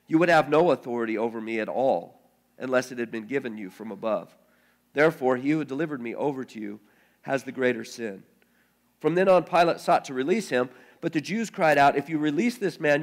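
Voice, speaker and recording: A man pastor reading scripture aloud, then preaching in a halting way, often repeating words as he thinks aloud. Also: mid-range voice.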